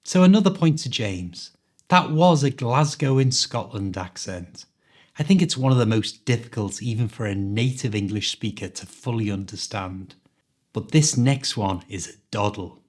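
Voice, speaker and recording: A man with a mild Liverpool Scouse accent, hosting an accent quiz in a clear, teacherly way. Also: mid-range voice, normal speed. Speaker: podcast host, English teacher. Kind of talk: quiz host, scripted podcast.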